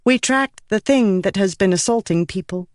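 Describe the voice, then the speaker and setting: In an audiobook, a man voices an earnest young woman investigator who explains things urgently. He pitches the character above his own voice while keeping it close to an everyday sound: mid-range, darkish, at normal speed. The recording is clean studio sound with no room sound.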